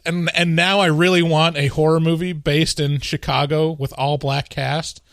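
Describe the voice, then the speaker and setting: A man's voice: fairly high pitch, flat delivery, gravelly, dry recording, clean studio sound. A man co-hosting a casual podcast chat, joking and rambling as he talks. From US West Coast. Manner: jokey, rambling, quick to laugh. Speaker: podcast co-host.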